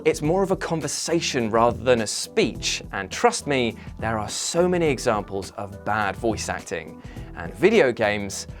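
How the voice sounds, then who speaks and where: Brief: host, animated pitch, sarcastic comic delivery, faint music under. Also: male voice. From Britain. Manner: sardonic, lively, jokey. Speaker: gaming video host. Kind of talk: scripted comedic countdown.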